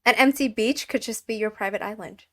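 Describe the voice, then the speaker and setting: A woman co-hosting a podcast on a video call, chatting casually with many "like"s and ready laughs. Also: on the high side. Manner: chatty, quick to laugh, leans on "like". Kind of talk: casual chat.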